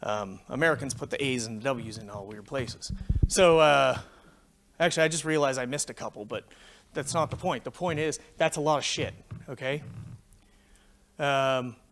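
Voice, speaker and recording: With slight background noise, a Canadian man in his forties speaks at normal speed and medium pitch in a conference talk. He recounts a tech story animatedly, swearing freely throughout this profane anecdotal talk.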